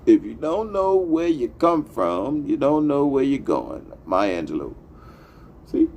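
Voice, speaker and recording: A man's voice: medium pitch, very animated, measured pace, vocal fry, a little mellow, slight background noise. A man hosting a talk show, delivering a profane, impassioned monologue. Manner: profane, heated, emphatic. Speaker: podcast host.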